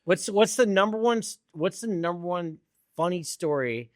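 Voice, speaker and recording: A man hosting a podcast, who prompts his guest with short reactions and quick questions. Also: high-pitched, animated. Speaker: podcast host. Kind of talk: casual interview.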